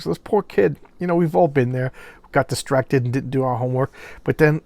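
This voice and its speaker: A man gives a casual comic book review in a gravelly voice, stumbling and repeating words as he lingers over favorite pages. He sounds openly moved, and the recording is dry and close. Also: medium pitch, brisk, darkish tone, dry recording.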